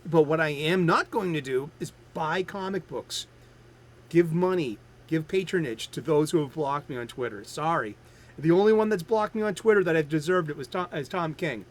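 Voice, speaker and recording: Fifty-something guy rambling about his comics pile, lots of restarts, slightly high voice. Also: a little hiss or hum. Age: 50s. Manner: rambling, frequent restarts, chatty. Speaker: host. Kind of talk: casual comic book review stream.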